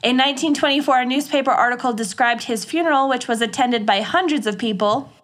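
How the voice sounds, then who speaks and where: Woman podcast host reading a crime case, chatty asides, fairly high voice. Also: a little fast, fairly bright tone. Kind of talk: casual chat narrating a case.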